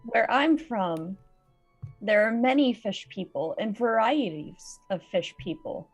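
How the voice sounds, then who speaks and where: A woman's voice: mid-range voice, lively intonation, slow, soft background music. A woman voicing a kind, patient female bard in a tabletop game, reading her signed replies plainly. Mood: gentle.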